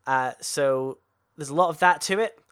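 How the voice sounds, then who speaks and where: A man co-hosting a casual podcast chat, animated and quick to swear and laugh. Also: on the high side, clean tone. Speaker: podcast co-host.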